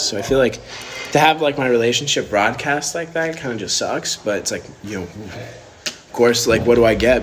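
A man's voice: on the low side, slight background noise. A young man talking casually on a livestream, rambling with lots of fillers. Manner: relaxed, rambling, many fillers. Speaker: streamer.

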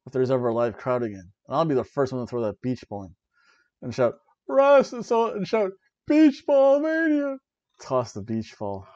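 A man hosting a wrestling review podcast, ranting and joking sarcastically in a casual, animated way. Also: fairly high pitch, no echo. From Florida, USA. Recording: dull lo-fi dry recording.

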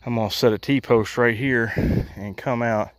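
A man's voice: medium pitch, fairly even intonation, normal speed, no echo. A man talking casually while working in his backyard garden, folksy and blunt with some mild cussing. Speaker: homesteading vlogger.

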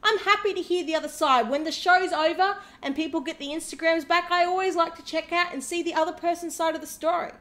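A woman's voice: very high voice, fairly even intonation, fast talker, few pauses, fairly bright tone. A woman hosting a reaction video, talking in a sarcastic, indignant way. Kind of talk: reaction commentary.

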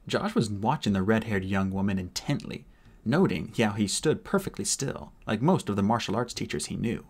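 A man reading a fantasy novel aloud as a casual audiobook narrator, expressive and doing voices for the characters. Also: fairly low pitch, normal speed, breathy edge.

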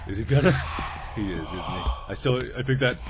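A man's voice: medium pitch, expressive, fairly quick, very noisy. A man playing a horror game, breaking into panicked shrieks and nervous laughter. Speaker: gamer. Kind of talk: horror game let's play.

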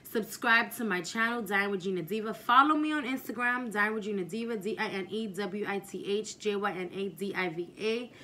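Casting: young woman, mukbang host, bright, slightly high voice, relaxed motherly chat, faint room noise. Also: fairly quick, few pauses. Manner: relaxed, motherly, chatty while eating. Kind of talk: casual eating vlog chat.

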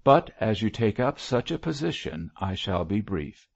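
Brief: man voicing an old bishop, grave and reproachful, gravelly low voice, dull lo-fi sound. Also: very animated, normal speed, dry recording, full character voice. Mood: stern. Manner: solemn, reproachful. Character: elderly male bishop, mild but stern. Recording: dull lo-fi dry recording.

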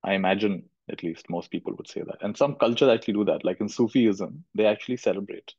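Low-voiced man giving a gentle spiritual talk. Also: fast, vocal fry, breathy edge, no room sound. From India. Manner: thoughtful, gentle, repeats phrases for emphasis. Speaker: spiritual teacher. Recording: dull lo-fi recording.

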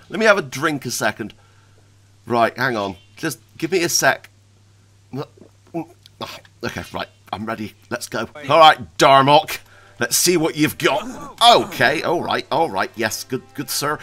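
A man giving excitable, self-mocking commentary while playing a video game. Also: mid-range voice, unhurried. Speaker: gaming YouTuber. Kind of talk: let's play commentary.

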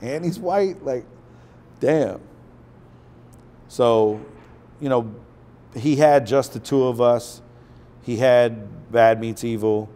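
Man telling stories, profane and animated. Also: mid-range voice, slow, long pauses. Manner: profane, animated storyteller who acts out quotes. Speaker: guest. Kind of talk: casual interview storytelling.

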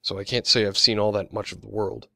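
A man's voice: fairly low pitch, steady tone, fast talker, creaky, pushed and bright, no room sound, clean studio sound, full character voice. A man voicing a tall young army sergeant who greets old friends politely and a little awkwardly. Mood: polite, surprised.

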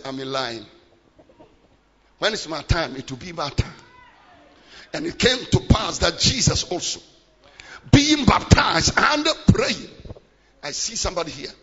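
A middle-aged man preaching a sermon in a large church hall, swinging between shouted declarations and hushed, low-voiced passages. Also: husky. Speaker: pastor. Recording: muffled live church recording with long reverb.

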